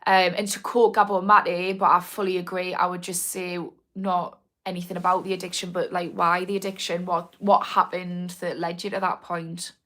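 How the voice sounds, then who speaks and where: A woman's voice: on the low side, flat delivery, normal speed, hardly any pauses, a bit bright. Chatty North East English woman. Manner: rambling, many restarts and fillers. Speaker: addiction recovery coach. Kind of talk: live stream chat answering comments.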